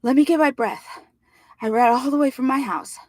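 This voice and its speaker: A woman reading a story aloud, voicing an excited, breathless boy who talks urgently and earnestly. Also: medium pitch, moderate pace, no echo, clean studio sound, lightly acted.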